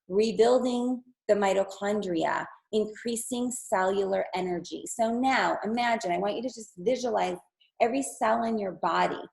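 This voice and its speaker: Gravelly, enthusiastic woman presenting on a call. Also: mid-range voice, a little mellow, rough recording. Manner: enthusiastic, persuasive, addresses viewers as "you guys". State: losing her voice. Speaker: wellness presenter. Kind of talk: product presentation on a video call. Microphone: video call.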